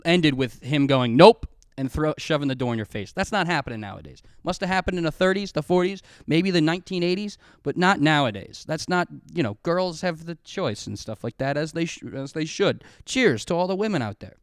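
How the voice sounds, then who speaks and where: A man hosts a casual solo podcast and tells rambling, self-mocking stories full of swearing. His voice is smooth and resonant and sits a bit high for a man. The sound is dry and close to the mic. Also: lively intonation, brisk, hardly any pauses, no echo. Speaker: podcast host.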